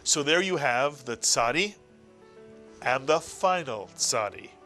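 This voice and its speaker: A man with a bright, forceful voice walks through a recorded language lesson. He stretches out key words and speaks them slowly and carefully. Faint music plays underneath. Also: medium pitch, lively intonation. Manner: slow, careful enunciation of each word. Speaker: Hebrew teacher.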